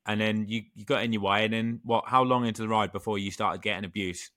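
A man's voice: on the low side, steady tone, quick pace, bright, forceful tone, dry recording, clean studio sound. A young man co-hosting a casual podcast, firing off questions and swearing casually. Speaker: podcast co-host. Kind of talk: casual chat.

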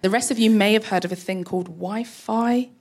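A woman guest on a live panel, explaining her work with girls in tech, quick and enthusiastic. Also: mid-range voice, noisy background. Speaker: guest, tech educator running girls' coding events.

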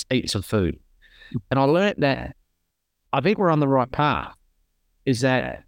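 A man's voice: mid-range voice, smooth, dry recording, studio quality. A middle-aged man with an Australian accent, a podcast guest telling stories in an earnest, rambling way. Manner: earnest storytelling, repeats himself. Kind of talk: casual conversation.

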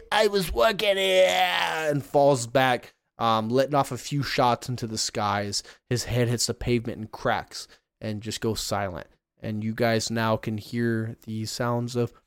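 A man's voice: on the low side, no room sound. A man running a tabletop game as game master, describing scenes and calling for rolls. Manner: descriptive, relaxed, rolls of dice.

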